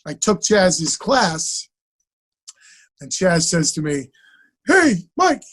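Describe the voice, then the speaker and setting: A man, an actor guest on an interview, telling stories in an animated, casual way and acting out the dialogue. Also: on the high side, slow. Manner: animated, acts out quoted dialogue.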